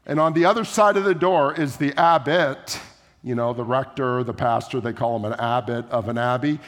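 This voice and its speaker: A man's voice: mid-range voice, normal speed. A man preaching a sermon in a church, telling a story in a conversational way. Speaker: pastor. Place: church sanctuary. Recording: echoey church hall.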